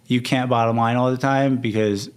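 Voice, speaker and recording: A man's voice: mid-range voice, fairly even intonation, moderate pace, clean tone. A young man, a coach and podcast guest, talking candidly and acting out quoted conversations. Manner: candid, storytelling, acts out quotes. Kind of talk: casual interview talk.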